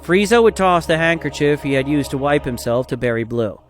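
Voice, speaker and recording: A man narrating a fan story in a steady, dramatic storytelling style. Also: a little high, brisk, soft background music.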